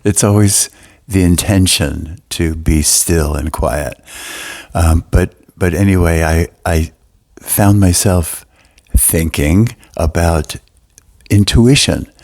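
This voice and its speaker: An older man talking in a gentle, soft-spoken and reflective way as a podcast co-host sharing spiritual thoughts. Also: low-pitched, takes it slowly. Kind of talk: casual spiritual talk.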